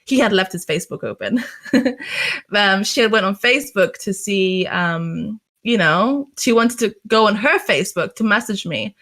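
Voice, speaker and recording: A woman's voice: medium pitch, expressive, moderate pace, a bit bright. A young woman from the UK, a streamer, telling a personal story in casual chat, full of fillers and swearing. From United Kingdom. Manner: chatty storytelling, heavy fillers, swears freely. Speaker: interview guest, streamer.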